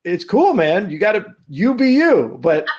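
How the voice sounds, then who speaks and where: A man co-hosting a podcast in casual, joking chat, rambling and animated. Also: sits high, measured pace, lo-fi sound. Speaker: podcast co-host.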